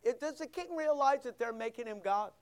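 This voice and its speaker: A man's voice: very high-pitched, a little fast, clean tone. A man preaching a sermon as pastor, reading scripture aloud and asking the listeners questions in a conversational way.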